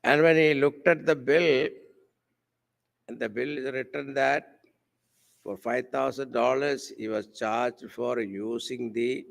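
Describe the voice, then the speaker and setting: A man giving a devotional sermon at a camp, speaking slowly and deliberately, asking his listeners rhetorical questions and using Sanskrit terms. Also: mid-range voice, steady tone, vocal fry. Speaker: swami giving a spiritual discourse. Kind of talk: devotional sermon with a told story. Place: camp hall with a live audience.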